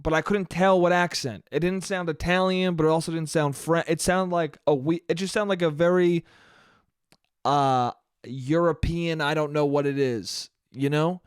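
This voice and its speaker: A young man talks alone into a podcast mic, swearing freely and rambling. He often breaks off mid-sentence and restarts. His voice sits fairly high, and the sound is dry and close. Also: fairly even intonation, normal speed, clean tone, no echo. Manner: profane, rambling, self-interrupting. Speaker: podcast host. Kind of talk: solo comedic podcast monologue.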